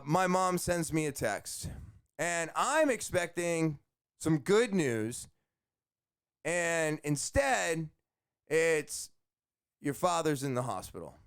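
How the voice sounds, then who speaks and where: A man's voice: on the high side, smooth, no echo, clean studio sound. A man hosting a podcast, telling about his week in a blunt, ranting monologue and swearing now and then. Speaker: podcast host and vape shop worker. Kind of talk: casual monologue.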